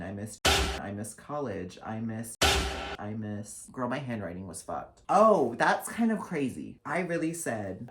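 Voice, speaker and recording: Sassy, foul-mouthed young man vlogging. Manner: sassy, profane, dramatic asides; swings between loud outbursts and low mutters. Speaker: vlogger and drag performer. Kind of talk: casual year-recap vlog.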